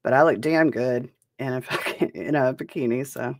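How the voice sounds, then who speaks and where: A woman's voice: very deep voice, moderate pace, darkish tone, no room sound, studio quality. A woman hosting a reaction commentary show, talking in a blunt and profane way. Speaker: host.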